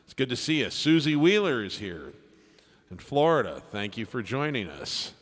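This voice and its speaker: A man's voice: mid-range voice, very animated, moderate pace, big-room sound. A man hosting a live music stream, chatting casually and thanking viewers by name as he reads their requests. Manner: friendly, thanks viewers by name, trails off softly. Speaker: livestream piano performer reading chat requests. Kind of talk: casual livestream chat.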